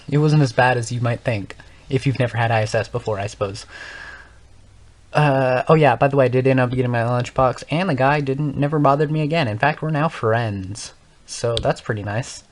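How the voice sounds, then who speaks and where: A teenage boy, a gaming channel host, telling a casual story in a rambling way, correcting himself often and laughing as he goes. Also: medium pitch. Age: young teens.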